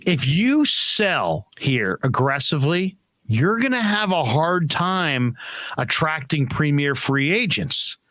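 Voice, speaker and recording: Casting note: male sports-talk host, slightly high voice, dry close sound, animated and repetitive. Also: takes it slowly, dry recording. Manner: animated, repeats himself. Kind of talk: casual sports chat.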